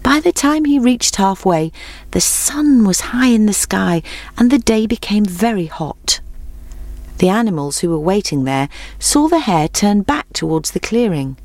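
A woman narrating a children's storybook in a clear, measured way. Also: mid-range voice, lively intonation, darkish tone, dry recording.

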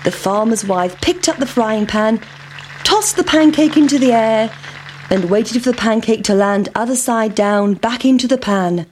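A woman reading a children's fairy tale aloud, slow and clear. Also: on the high side, expressive, a little mellow, slight background noise. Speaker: storyteller. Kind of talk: scripted narration.

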